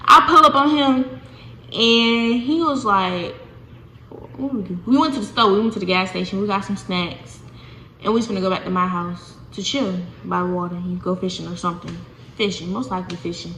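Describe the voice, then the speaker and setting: Chatty young woman telling a story, bright and echoey. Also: mid-range voice, normal speed. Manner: animated, chatty, addresses viewers as y'all. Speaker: vlogger. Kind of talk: casual storytime. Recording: echoey room with faint noise.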